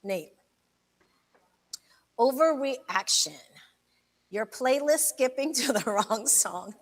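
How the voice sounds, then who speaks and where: Female co-host, slightly high voice, giggly and teasing, runs the game casually. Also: animated, slow pace, big-room sound. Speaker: radio show co-host; teacher. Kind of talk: casual game-show banter.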